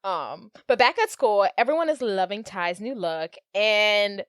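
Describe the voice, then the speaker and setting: A woman co-hosting a podcast, chatting casually about a movie and reacting quickly to her co-host. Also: mid-range voice, clear, resonant tone, no echo, studio quality. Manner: lively reactions, quick backchannels. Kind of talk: casual movie recap chat.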